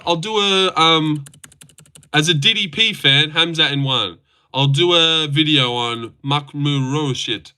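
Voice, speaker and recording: Bright-voiced young man chatting on a livestream. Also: medium pitch, clean tone. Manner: crude, teasing banter with chat, frequent swearing. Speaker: livestream host. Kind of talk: casual livestream chat reacting to chat.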